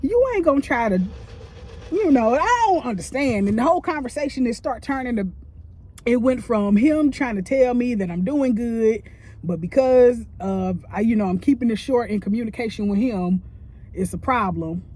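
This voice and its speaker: A woman who works as a cook, venting about her job in a profane, animated rant while she eats on camera, talking close into a phone. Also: moderate pace. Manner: profane, animated, with big swings in pitch. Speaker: line cook. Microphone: phone held close.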